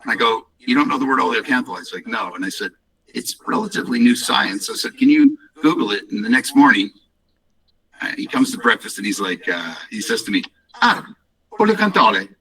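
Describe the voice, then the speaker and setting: Bright-voiced man pitching to a call. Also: lively intonation, a little fast, far from the mic, low-quality recording. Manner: rambling, upbeat, many restarts and fillers. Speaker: company founder presenting products. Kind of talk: casual business presentation on a call.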